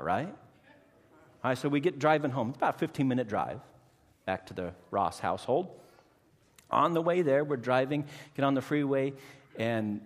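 A male pastor tells a lively personal anecdote and then turns it toward scripture in a steady preaching cadence. His voice sits at an ordinary middle pitch. The room gives it a long, church-like reverb. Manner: animated storytelling, acts out voices, preachy cadence. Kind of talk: sermon with personal story.

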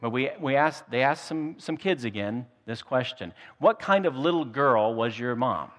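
A man preaching a sermon at an ordinary middle pitch, telling stories with gentle humor and repeating words as he builds his points. His voice rings out with a long hall reverb, as if recorded in a church sanctuary. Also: expressive, normal speed. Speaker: pastor.

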